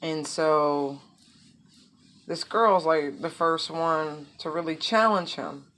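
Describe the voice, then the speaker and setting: A woman's voice: low voice, takes it slowly, fairly bright tone. A woman giving a casual tarot reading, rambling with many asides and fillers. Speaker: tarot reader.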